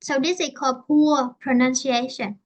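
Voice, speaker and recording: A woman from Vietnam with a Vietnamese accent, teaching an online English lesson in a halting way, often repeating and rephrasing herself. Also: sits high, fairly even intonation.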